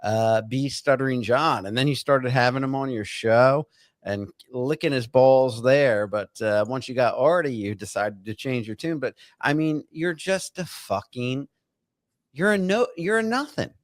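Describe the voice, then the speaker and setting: A man's voice: medium pitch, a little slow, dry recording, studio quality. A man as a podcast guest, ranting angrily and profanely, stumbling over words with many fillers. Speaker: guest bartender. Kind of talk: angry podcast rant.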